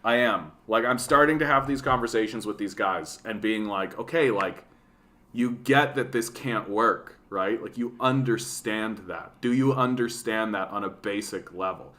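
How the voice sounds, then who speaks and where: A man's voice: on the low side, moderate pace. A man in his late thirties from Canada with a Canadian accent, ranting casually about politics on his livestream, profane and full of fillers. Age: 30s. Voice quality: profane, animated, lots of fillers.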